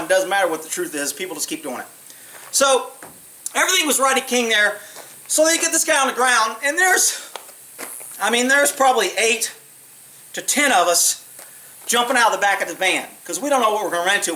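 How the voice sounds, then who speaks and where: Blunt, bright-voiced man telling cop stories. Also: high-pitched, slight background noise, poor audio. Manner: blunt, profane, animated retelling with acted quotes. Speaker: former police officer telling stories. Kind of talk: casual storytelling monologue.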